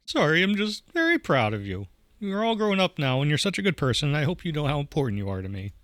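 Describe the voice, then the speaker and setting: Animated man reading a game aloud. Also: fairly high pitch, fast, no room sound, studio quality. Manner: animated, jokey, voices the player dad with warmth. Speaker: let's play host.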